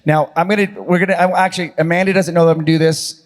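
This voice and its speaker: Guy hosting a con panel, slightly high voice, chatty storyteller. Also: steady tone, rapid-fire. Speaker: panel host and channel creator. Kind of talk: casual storytelling on a convention panel. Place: convention panel room.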